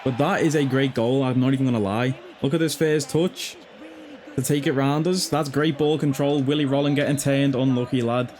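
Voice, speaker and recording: Excitable gamer lad. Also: male voice, mid-range voice, moderate pace, slight background noise. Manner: excitable, swears freely, shouts at the game. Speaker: gaming YouTuber. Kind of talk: excited live gameplay commentary.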